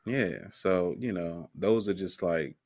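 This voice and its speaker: A man's voice: low voice, expressive, slow, a little mellow, no echo. A man hosting a podcast interview, laid-back and joking, with lots of filler phrases. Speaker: podcast host.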